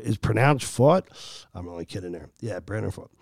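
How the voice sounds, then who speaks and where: Gravelly, heated male sports podcast host. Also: lowish voice, lively intonation, moderate pace, darkish tone, dry recording, clean studio sound. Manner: heated, argumentative, emphatic. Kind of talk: opinionated sports talk.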